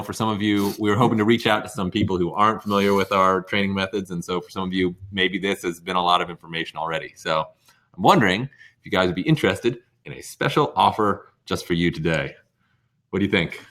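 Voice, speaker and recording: A young man with a fairly low voice co-hosts a dog training webinar. He recaps the lessons and moves into an upbeat sales pitch. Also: a little fast, a bit bright. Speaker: co-host. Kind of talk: webinar presenting.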